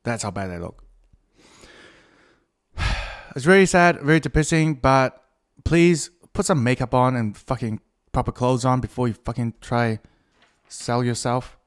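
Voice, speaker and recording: A man's voice: mid-range voice, a little slow, long pauses, smooth. A man rambles through a solo podcast episode. He is crude and self-mocking, breaking off mid-thought and circling back with fillers. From New Zealand. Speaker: podcast host.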